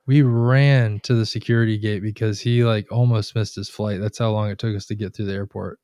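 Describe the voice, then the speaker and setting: A man's voice: fairly low pitch, fairly quick, no room sound, studio quality. A man co-hosting a podcast, telling long rambling travel stories in casual chat and acting out the people in them. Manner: rambling storyteller, animated retellings. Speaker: podcast co-host.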